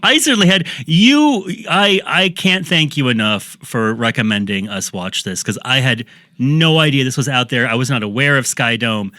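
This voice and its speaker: A man's voice: medium pitch, normal speed, sharp tone, no echo. A man hosting a podcast in casual chat, teasing his guest with dry, wry remarks. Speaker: podcast host.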